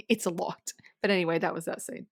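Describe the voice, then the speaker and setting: A woman's voice: lowish voice, normal speed, husky, no room sound. Woman animatedly retelling a film scene. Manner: animated retelling, swearing, frequent restarts. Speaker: podcast co-host. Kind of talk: casual film recap.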